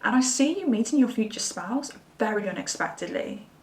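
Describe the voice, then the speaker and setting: A woman's voice: fairly high pitch, animated, a little fast, distant mic. A woman giving a chatty, reassuring pick-a-card tarot reading. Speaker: tarot reader. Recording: roomy sound from away from the mic.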